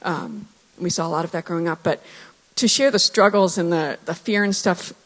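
Earnest woman in her thirties, reverberant hall. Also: fairly low pitch. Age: 30s. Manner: earnest, reflective, with pauses and restarts. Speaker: church speaker sharing testimony. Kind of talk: personal testimony in church.

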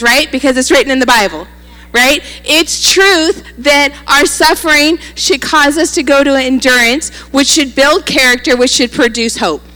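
A woman's voice: sits high, sharp tone, big-room sound. A woman pastor preaching a sermon, telling a story animatedly and acting out the quoted lines.

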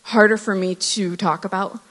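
A woman in her thirties giving a personal testimony in church, earnest and reflective, with pauses and restarts. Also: mid-range voice, fairly even intonation, fairly bright tone. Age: 30s. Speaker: church speaker sharing testimony. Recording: hall reverb.

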